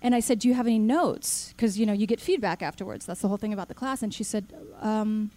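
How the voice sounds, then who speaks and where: A woman giving a talk to an audience, telling a personal story with lively acted-out dialogue and questions to the crowd. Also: medium pitch, quick pace. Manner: animated storyteller, acts out quoted dialogue, asks the audience questions. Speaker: speaker.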